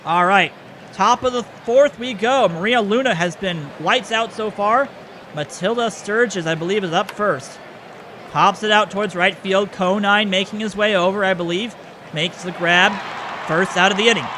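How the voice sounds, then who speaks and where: A man giving play-by-play commentary over a baseball video game, excitable on big plays and often correcting himself. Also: high voice, moderate pace, slight background noise.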